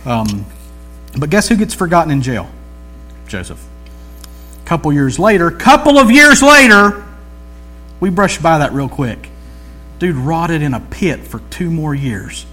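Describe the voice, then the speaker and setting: A man's voice: on the high side, expressive, normal speed. A man preaching a sermon in a loose, conversational storytelling way, with jokey asides and slang.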